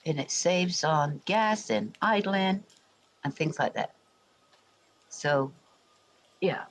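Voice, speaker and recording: A livestream host from England with an English accent softened by years in America, chatting loosely and talking straight to viewers. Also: medium pitch, slow, rough recording. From England, Royal Berkshire. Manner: rambling, chatty, addressing viewers directly. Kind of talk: casual livestream chat.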